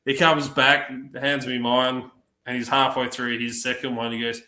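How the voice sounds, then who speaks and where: Aussie guy spinning sweary pub yarns, bright punchy voice. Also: mid-range voice, moderate pace. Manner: profane, animated anecdotes acting out other voices. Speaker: streamer telling stories. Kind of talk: casual storytelling on a livestream. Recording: roomy echo.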